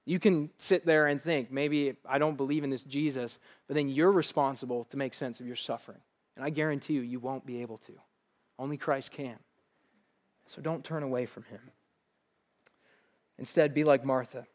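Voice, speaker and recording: A man's voice: mid-range voice, fairly even intonation, normal speed. A male pastor preaching a sermon to a live congregation in a church, earnest and conversational, with light laughs.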